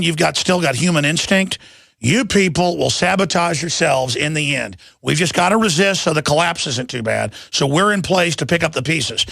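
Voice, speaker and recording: A man's voice: fairly high pitch, vocal fry, fairly bright tone, dry recording, studio quality. A middle-aged man hosting a talk radio show, ranting in an angry, combative and scornful monologue.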